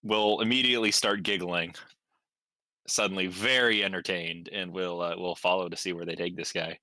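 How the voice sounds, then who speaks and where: A man's voice: deep voice, fairly even intonation, normal speed, pushed and bright, no room sound. A man in playful chat as a player in a tabletop game.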